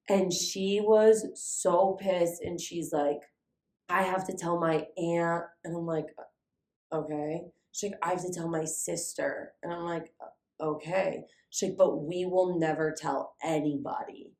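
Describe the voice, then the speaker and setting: Gravelly-voiced woman telling a story. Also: fairly low pitch, measured pace, roomy sound. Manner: animated, heavy use of "like", swearing. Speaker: podcast co-host. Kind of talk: casual storytelling chat.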